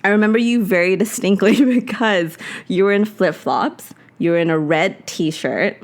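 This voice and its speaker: A woman's voice: medium pitch, moderate pace. A young woman co-hosting a podcast, telling a story in casual chat, full of fillers and frequent laughter. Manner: chatty storyteller, laughs often, lots of "like". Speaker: podcast co-host.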